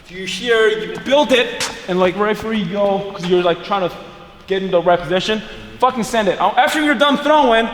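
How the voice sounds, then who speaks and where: A man coaching throwing in casual talk, hyped up and swearing freely, with loud cheering bursts. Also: high-pitched, fairly quick. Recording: echoey, distant mic, background noise.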